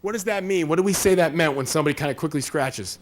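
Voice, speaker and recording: A man's voice: a little high, quick pace, slight background noise. A man giving a conversational workshop presentation, acting out little scenes with quoted voices as he explains. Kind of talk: live workshop talk.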